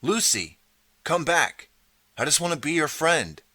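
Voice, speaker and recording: A man's voice: mid-range voice, animated, moderate pace, bright, forceful tone, no echo, voice pushed up. A man voicing a desperate, eager boy who keeps pleading to be believed. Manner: pleading, earnest.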